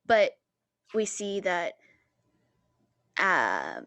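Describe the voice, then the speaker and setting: A woman's voice: medium pitch, normal speed, dry recording. A woman co-hosting a casual book podcast, giving thoughtful analysis of the characters. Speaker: podcast co-host.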